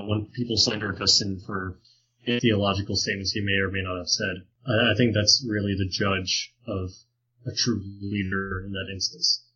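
A low-voiced man with a husky, forceful tone talks thoughtfully about early church texts. He hedges often and restarts his phrases. The recording sounds dull and lo-fi. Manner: thoughtful, hedging with fillers and restarts. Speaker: podcast co-host. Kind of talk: casual conversation on early Christian texts.

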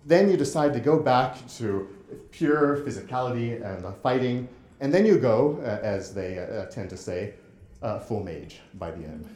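Halting man presenting in an echoey room. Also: mid-range voice, animated, darkish tone. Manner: halting, many restarts. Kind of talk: lecture with interactive game demo.

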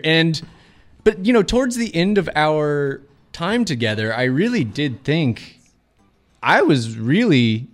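A man co-hosting a comedy radio show from the studio. His voice sits a bit high for a man, and he tells his stories in a rambling, mock-earnest, deadpan way. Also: slow pace. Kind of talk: improvised comedic radio banter.

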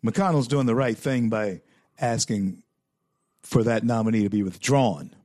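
A man's voice: fairly low pitch, unhurried, darkish tone, dry recording, studio quality. A male talk show host giving fervent political commentary, preaching and repeating phrases for emphasis.

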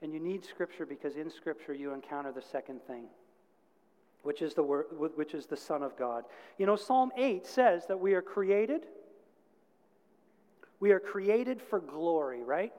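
A man's voice: fairly high pitch, expressive, measured pace, a little mellow. A man preaching a sermon, telling a story earnestly and rising to emphatic peaks. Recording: long reverb of a large hall.

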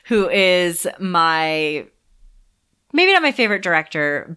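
A woman co-hosting a film podcast, with an enthusiastic and chatty delivery and frequent laughter. Her voice is bright and fairly low for a woman. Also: smooth. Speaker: podcast co-host. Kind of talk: casual film discussion.

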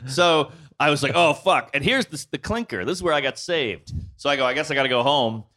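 A man's voice runs high and bright, swinging wildly in pitch as he tells a rowdy comic story. He acts out every scream and shout as the tale unfolds. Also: brisk. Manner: loud excitable storyteller who acts out screams. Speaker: podcast host. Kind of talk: animated comedic storytelling. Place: on-the-road recording with guests.

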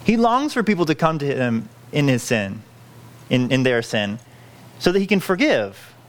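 A man's voice: medium pitch, big pitch swings, normal speed. A man preaching a sermon, earnest and pleading, often restarting his phrases as he works through a scripture passage. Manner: earnest, pleading, self-correcting with frequent restarts. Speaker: pastor.

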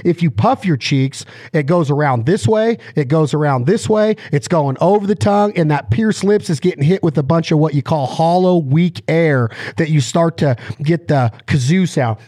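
A lively, demonstrative man explains calling technique with plenty of jokes, and his voice runs a bit high for a man. The sound is dry and close, with no room around it. He talks the way a host does on a casual podcast. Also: moderate pace, hardly any pauses, dry recording. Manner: animated, demonstrative, jokey. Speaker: podcast co-host and duck caller. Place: driving in a car.

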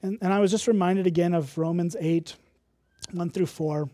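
A man's voice: high voice, fairly even intonation, normal speed, warm tone, dry recording, studio quality. A man from Illinois preaching a sermon, candid and conversational, with self-deprecating humor. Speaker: pastor.

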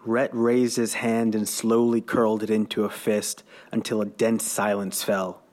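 A man's voice: lowish voice, flat delivery, measured pace, a little mellow. Author narrating his own story, dry and wry. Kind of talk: reading his own fiction aloud.

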